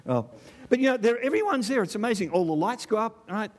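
A middle-aged man with an Australian accent preaching a sermon, animated and conversational, firing rhetorical questions and asides at the congregation. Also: high-pitched, a little fast.

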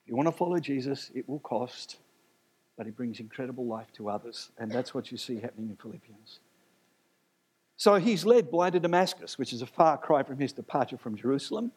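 A man preaching a sermon, animated and emphatic, with jokes and asides. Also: mid-range voice, brisk, breathy edge.

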